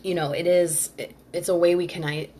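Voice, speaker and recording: A woman with a low voice, hosting a live online workshop. She talks in a loose, rambling way, full of fillers and restarts. She stops now and then to answer viewers by name. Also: little pitch movement, brisk, dark tone, slight background noise. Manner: chatty, reads viewer comments aloud and answers them. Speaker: Ayurveda workshop host. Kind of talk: live-streamed workshop talk.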